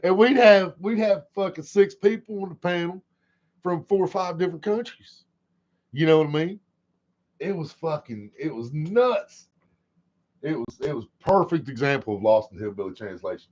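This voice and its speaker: A man's voice: a little high, animated, normal speed, a little mellow. A man hosting a livestream in a casual, rambling chat. He swears a lot and laughs often. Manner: sing-song repetition. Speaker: livestream host. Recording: dull lo-fi stream audio.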